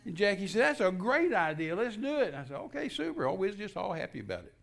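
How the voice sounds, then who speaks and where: A high-sitting voice with vocal fry and a quick pace belongs to an older Texan guest minister giving a personal testimony. His telling is folksy and full of repetitive restarts, with the dialogue acted out animatedly.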